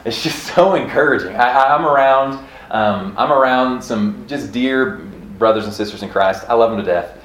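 A man in his thirties from Kansas giving a casual, earnest church talk, chatty and quick to laugh, often restarting his sentences. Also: medium pitch, fairly bright tone, a little hiss or hum. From Kansas, USA. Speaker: church speaker teaching on revival history. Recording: roomy echo, faint room ambience.

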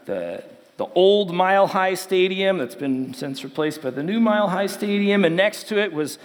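Long hall reverb carries the voice of a youth pastor whose pitch sits high, with lively intonation at a moderate pace. Delivering a casual sermon built on stories for young people, he narrates conversationally and performs the voices of the people he quotes.

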